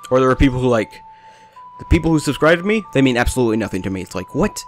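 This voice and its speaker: A young man rambles through his gameplay commentary, joking and drifting between topics at a mid-range pitch. His voice is close on a desk mic in a small home room, with faint music playing underneath. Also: sing-song, racing. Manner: rambling, jokey, self-deprecating, jumps between topics. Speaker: let's play commentator. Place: small hot bedroom with a fan running.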